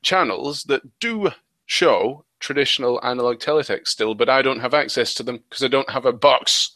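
A man co-hosting a casual podcast, matter-of-fact with deadpan jokes. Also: mid-range voice, moderate pace, dry recording. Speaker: podcast co-host. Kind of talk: casual chat.

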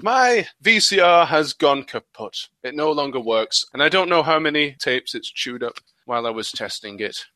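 A man co-hosting a casual podcast, matter-of-fact with deadpan jokes. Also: a little high, normal speed, hardly any pauses, no room sound. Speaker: podcast co-host. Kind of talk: casual chat.

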